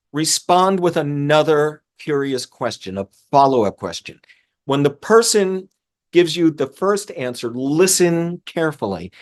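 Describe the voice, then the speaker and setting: Earnest man coaching on emotions. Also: a little high. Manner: earnest, repeats words as he restarts. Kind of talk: talking-head coaching lesson.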